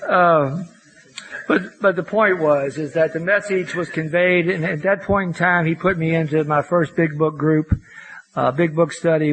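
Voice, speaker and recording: An older man speaking at a recovery meeting, voice sitting a touch high. He tells his story in a loose, folksy way, full of "you know"s and wry self-mockery. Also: fairly bright tone, a little hiss or hum, rough recording. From Louisville, Kentucky.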